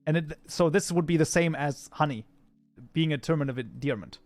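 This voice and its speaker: A man's voice: a little high, normal speed, no echo, faint music behind. A man whose first language is German, chatting casually with his live-stream chat while coding, often breaking into mock outrage. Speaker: streamer, mod programmer.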